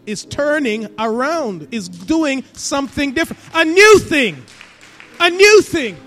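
Male pastor, high-pitched, church sermon with dramatic hushes and swells, faint music behind. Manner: preaching with swings between hushed and emphatic delivery. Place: church sanctuary.

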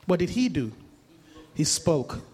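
A man's voice: a little high, very animated, slow, a little mellow, breathy edge. A man preaching a sermon, emphatic, asking rhetorical questions and repeating his points. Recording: long hall reverb.

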